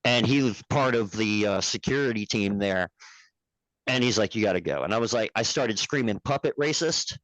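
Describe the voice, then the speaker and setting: A man's voice: on the low side, normal speed, fairly bright tone, no room sound, low-quality recording. Rambling, laughing man on a dry mic. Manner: rambling, profane, laughs at his own stories. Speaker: podcast guest, puppet show producer. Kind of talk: casual storytelling chat.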